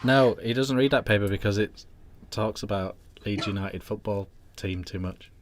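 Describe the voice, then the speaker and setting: A man co-hosts a casual chat, dropping dry jokes into the talk. His voice sits a little low. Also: moderate pace. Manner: dry, joking.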